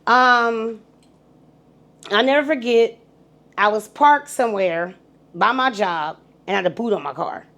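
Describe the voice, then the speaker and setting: A middle-aged woman with a high voice tells her story as a podcast guest. She is animated and profane, and she acts out the people she talks about. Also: a little slow, pauses often.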